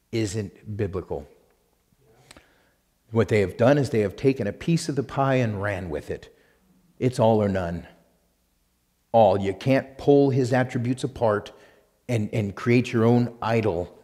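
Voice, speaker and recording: A man's voice: medium pitch, darkish tone, big-room sound. A man preaching a sermon as pastor, emphatic and repetitive, with rhetorical questions and sudden bursts of force. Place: church sanctuary.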